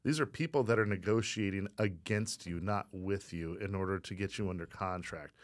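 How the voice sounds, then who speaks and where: A deep-voiced man, a real estate agent who co-hosts a real estate podcast, chats casually at normal speed. He speaks emphatically and keeps tacking "right?" onto his points, and the recording is dry.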